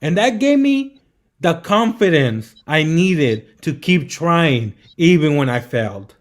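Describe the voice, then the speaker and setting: A young man, the guest on a live stream, telling animated stories in casual chat, often saying bro and man. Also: a little high, slow pace. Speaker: guest entrepreneur.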